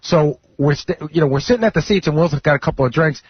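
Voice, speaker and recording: Husky man telling a radio story. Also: a little high, no room sound. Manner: animated, quick anecdote telling. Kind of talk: casual storytelling on talk radio. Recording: dry, muffled radio broadcast.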